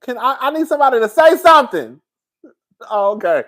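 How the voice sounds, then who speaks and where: A man's voice: extremely high pitch, very animated, fairly quick, fairly bright tone. A man, hosting a casual livestream and venting in a sassy, exasperated way to his viewers. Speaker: livestream host.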